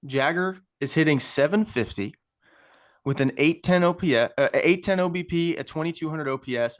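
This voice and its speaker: A man co-hosting a casual podcast as a youth baseball coach, talking up his players with enthusiasm. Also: a little high.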